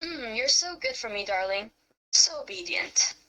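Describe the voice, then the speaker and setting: A woman's voice: on the high side, animated, a little slow, bright, forceful tone, poor audio. A woman voicing a playful, commanding young lover in a first-person romance role-play, teasing and murmuring.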